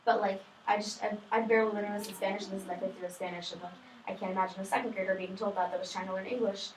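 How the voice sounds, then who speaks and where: A young female student casually sums up her reading for a study group, chatty, full of fillers, and self-deprecating. Her mid-range voice is flat and very fast, picked up by a distant mic in an echoey room with faint noise.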